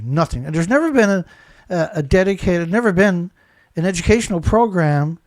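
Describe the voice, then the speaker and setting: A man's voice: on the high side, darkish tone, no echo. Angry ranting man, dry close sound. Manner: repetitive, rhetorical questions. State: congested, blowing nose. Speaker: live show host. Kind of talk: impassioned live commentary.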